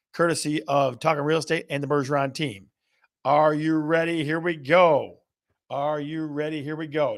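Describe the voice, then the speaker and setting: A man's voice: a little high, gravelly, fairly bright tone. A man hosting a live real estate stream, playfully putting questions to viewers and reading out their answers. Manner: playful, repeats questions to the audience. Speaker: real estate show host.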